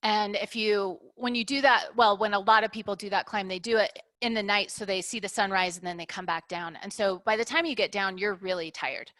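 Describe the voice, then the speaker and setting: A middle-aged business owner talks briskly, with hardly any pauses and fairly even intonation, in a mid-range, slightly bright voice on a dry recording. In this candid interview she reflects through analogies and frequently ends a point with "right?".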